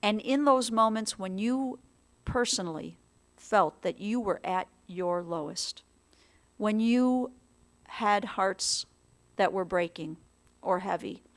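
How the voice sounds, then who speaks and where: Woman officiant giving a gentle eulogy. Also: medium pitch. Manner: slow, gentle and measured. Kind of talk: funeral eulogy. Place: funeral chapel.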